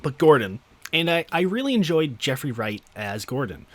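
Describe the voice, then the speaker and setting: A man's voice: fairly high pitch, very animated, moderate pace. A man hosting a podcast, giving an unscripted, rambling solo film review with lots of fillers and casual swearing. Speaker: podcast host.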